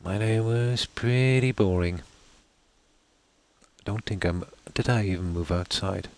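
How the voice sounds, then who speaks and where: Irish Midlands man, low voice, laid-back rambling streamer chat. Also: slow pace, a little mellow. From Ireland. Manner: rambling, many fillers and "let's say". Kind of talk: casual chat with viewers while gaming.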